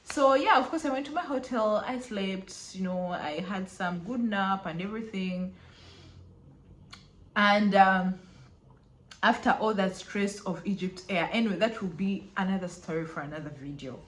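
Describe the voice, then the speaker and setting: A young woman chatting casually through a travel vlog, full of fillers and quick laughs. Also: medium pitch. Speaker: travel vlogger. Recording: echoey room.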